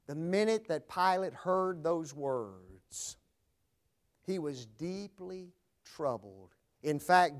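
A male preacher delivering a sermon, swinging dramatically between loud proclamation and hushed low tones.

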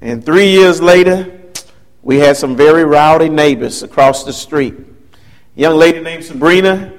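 A man's voice: a little high, measured pace. A man in his fifties telling a personal childhood story, acting out the voices of the people in it. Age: 50s. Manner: animated storyteller, acts out quoted voices.

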